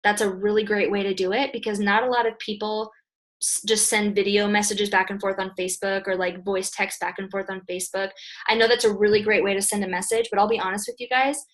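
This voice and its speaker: A young adult woman giving an energetic, direct coaching talk to her sales team, often checking in with "okay?". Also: mid-range voice, brisk. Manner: energetic, direct, emphatic, repeats "okay?" and "you guys". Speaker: network marketing team leader.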